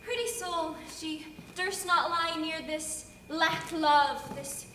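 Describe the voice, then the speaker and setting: A mischievous young fairy sprite, played by a woman delivers rhyming verse in a very high, slow voice. The sound comes from far off in an echoey hall, with clear background noise. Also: fairly bright tone, heavily acted. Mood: excited. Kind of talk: stage acting of verse.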